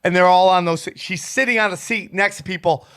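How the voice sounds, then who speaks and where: A man with a notably high voice hosts a podcast and spins a long anecdote. He swears freely and keeps the story rolling in relaxed, chatty talk. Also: fairly quick, clean tone. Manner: profane, animated anecdote-telling. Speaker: podcast host. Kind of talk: casual storytelling chat.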